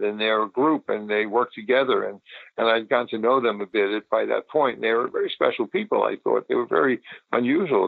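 An older man who works as a photographer rambles through memories of his past in a relaxed interview, often restarting and using fillers. His gravelly, mid-range voice comes through a tinny phone line, dry with no room sound.

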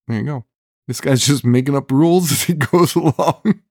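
A man recapping a horror movie in casual podcast chat, animated and profane, laughing often as he retells scenes. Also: medium pitch, moderate pace, breathy edge, dry recording, clean studio sound. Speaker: podcast co-host.

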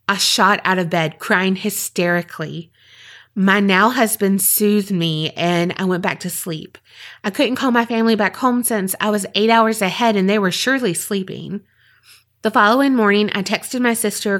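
A woman hosting a podcast, reading listener stories aloud in a steady storytelling voice with short asides. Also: mid-range voice, moderate pace.

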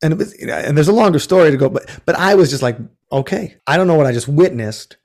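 This man's voice is a little high and a little mellow, with lively intonation and some vocal fry, and he talks fast. He runs ghost tours and tells a rambling interview story, self-correcting, restarting, and acting out what others said.

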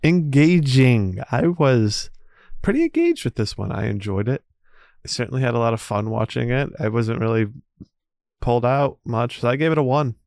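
A man's voice: mid-range voice, big pitch swings, moderate pace, creaky, a little mellow, no room sound, clean studio sound. A man co-hosting a casual horror movie podcast, chatting enthusiastically with his friends. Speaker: podcast co-host.

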